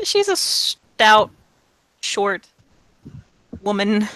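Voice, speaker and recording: A woman's voice: medium pitch, lively intonation, takes it slowly, pauses often, pushed and bright, no echo. A woman narrating as game master in a laid-back, slangy way, swearing freely. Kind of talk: casual tabletop game narration.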